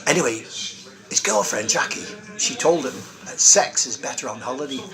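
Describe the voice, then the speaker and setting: A man's voice: medium pitch, normal speed, music in the background. A man hosting in character, rambling cheerfully through one-liner jokes in a busy pub. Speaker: comic host in character. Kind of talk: joke-telling pub comedy. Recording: loud pub crowd behind.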